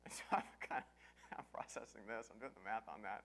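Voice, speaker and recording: A man preaching as a pastor, telling a story with lively swings from quiet asides to yelling. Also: lowish voice, normal speed, creaky, pauses often, slight background noise. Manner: storytelling, animated, breaks into yelling and laughter. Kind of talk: sermon.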